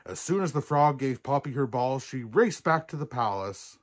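Slow, chuckly older man reading a story. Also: mid-range voice, expressive. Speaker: Santa storyteller. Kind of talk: reading a children's story aloud.

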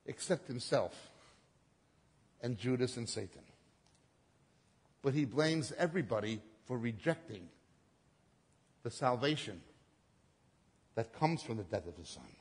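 A man preaching a sermon, swinging between loud emphatic peaks and low quiet drops, acting out the quoted lines. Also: expressive, measured pace, long pauses, husky. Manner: dramatic swings in pitch and loudness, acting out quotes. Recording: long hall reverb.

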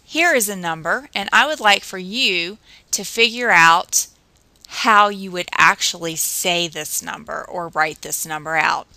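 A woman teacher talks through a math lesson in a patient, steady way, counting out drills at an even pace. Her voice sits a little low and has a gravelly edge, with a bright, sharp tone. The sound is dry and close. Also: a little slow, dry recording, rough recording. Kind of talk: recorded math lesson narration.

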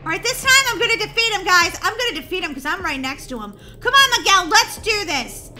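A woman hosting a game let's-play with bubbly, excitable, jokey commentary. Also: very high voice, a little fast. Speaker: gaming channel host. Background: game music.

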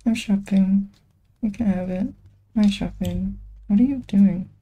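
A woman's voice: medium pitch, unhurried, husky, lo-fi sound. A young woman giving playful, giggly commentary over a video game, talking to its characters as she plays. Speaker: gaming streamer. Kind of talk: casual gameplay commentary.

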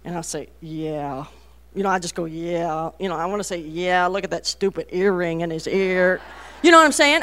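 Folksy middle-aged woman speaker. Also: high voice. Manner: folksy, animated storytelling with asides. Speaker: Christian women's speaker. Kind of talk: talk to a women's meeting.

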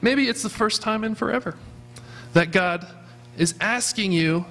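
A man's voice: high voice, a little slow, fairly bright tone. A man preaching a sermon as pastor of a church, earnestly asking his congregation questions. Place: church sanctuary.

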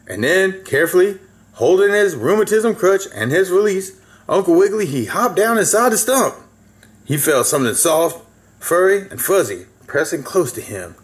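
A man's voice: high-pitched, sing-song, moderate pace. A man reading a children's story aloud in a folksy way, with asides to the listener.

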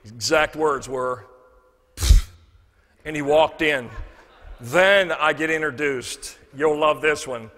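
Lively, bright-voiced man telling stories on stage. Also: fairly high pitch, unhurried. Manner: animated, acts out quoted dialogue. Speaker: motivational speaker. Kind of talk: humorous keynote storytelling. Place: banquet hall. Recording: reverberant hall.

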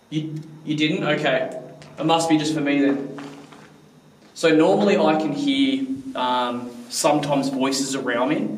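A man's voice: a little high, measured pace. Earnest young man, echoey and distant. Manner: earnest, coaxing, speaks politely to unseen spirits. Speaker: paranormal investigator vlogger. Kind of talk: casual ghost-hunt narration and questions to spirits. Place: outdoors at an old stone bridge. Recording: echoey, far from mic, faint noise.

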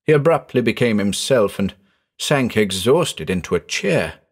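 A man narrating a horror story in a measured, dramatic storytelling manner. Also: lowish voice, animated, breathy edge.

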